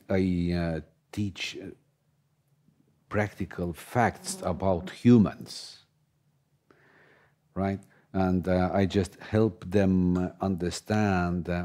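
A man speaking halting with many restarts in a conversational panel discussion, as a spiritual teacher. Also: low-pitched, darkish tone. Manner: halting non-native English with many restarts.

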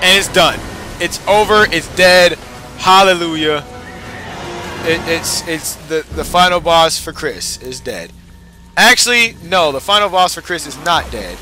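A young man narrating his game in casual commentary, frustrated and swearing, repeating his cheers. His voice is high and very bright, almost sharp. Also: expressive, moderate pace, faint music behind. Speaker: gamer.

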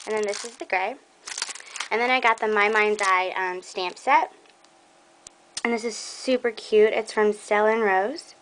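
A young woman chatting casually through a scrapbooking haul, excitable and rambling, with many ums. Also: medium pitch, a little hiss or hum, poor audio. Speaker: scrapbooking vlogger. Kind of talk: casual show-and-tell haul video.

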